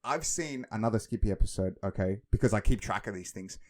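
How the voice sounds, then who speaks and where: A man co-hosting a podcast, breaking down silly logic in a mock-serious, animated way. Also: fairly low pitch, quick pace. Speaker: podcast co-host. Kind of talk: casual comedic chat.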